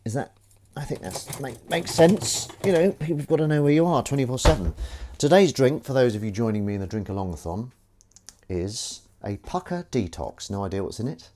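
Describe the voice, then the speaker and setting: A man's voice: medium pitch, animated, a little fast, dark tone, a little hiss or hum. Chatty man washing dishes. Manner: chatty, jokey, greets viewers by name. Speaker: livestream host. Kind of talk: casual chat while washing up. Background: clinking dishes and cutlery.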